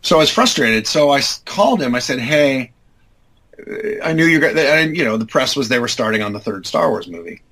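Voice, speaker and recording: A man in his fifties with a husky, slightly breathy voice sits in as a guest and tells a long, rambling tale. He restarts sentences and leans on fillers as he goes. When he quotes people, his pitch leaps high to act them out. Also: sing-song, brisk, fairly bright tone, poor audio. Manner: acts out quoted dialogue with big jumps in pitch; rambling, self-correcting, many fillers. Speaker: interview guest. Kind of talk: casual anecdotal storytelling.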